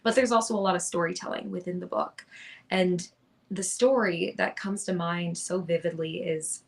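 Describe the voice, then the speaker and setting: A woman's voice: on the low side, steady tone, moderate pace, gravelly. A young woman, a podcast guest, telling her story in an earnest, chatty way with lots of restarts. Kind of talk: casual interview storytelling.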